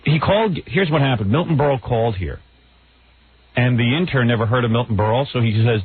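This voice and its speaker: A male radio host in easy on-air banter, joking and spinning stories with frequent laughs. His voice sits at a middling pitch. The sound is squeezed and narrow, like a broadcast heard over a phone line. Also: animated, fairly quick, husky. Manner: joking, storytelling, laughs often.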